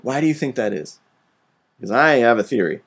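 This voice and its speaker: A man's voice: mid-range voice, lively intonation, brisk, fairly bright tone, breathy edge. A man hosting a casual podcast chat, ranting animatedly and swearing freely.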